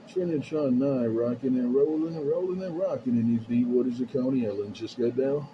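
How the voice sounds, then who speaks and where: A man's voice: medium pitch, a little fast, few pauses, dull audio, noisy background. A man on a CB radio at his home base station, calling out his handle and greeting others in repeated sing-song phrases. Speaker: CB radio operator. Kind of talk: CB radio call-outs. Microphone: CB radio handheld mic.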